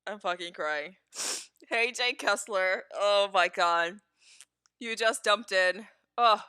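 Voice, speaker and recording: A woman's voice: medium pitch, slow, pushed and bright, clean tone, dry recording, studio quality. A woman live streamer chatting casually with her viewers, laughing often and swearing freely.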